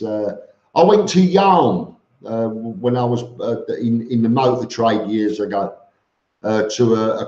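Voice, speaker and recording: Warm and mid-range, the voice belongs to a middle-aged man with an East London accent who hosts a live stream. He rambles bluntly through casual replies to viewers, with lots of ums and false starts, captured in roomy, slightly dull sound.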